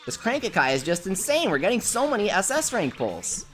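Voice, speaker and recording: A woman's voice: mid-range voice, big pitch swings, a little fast, soft background music. A woman from the United States hosting a casual gaming livestream, chatty and reading viewer comments aloud. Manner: chatty, reads chat aloud, gushes over pets.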